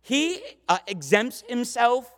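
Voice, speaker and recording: Male pastor, high voice, emphatic and repetitive, casual restarts, reverberant hall. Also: sing-song, slow pace, fairly bright tone. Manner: fervent, emphatic, repeats phrases for stress. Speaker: pastor teaching a Bible study. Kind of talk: expository sermon.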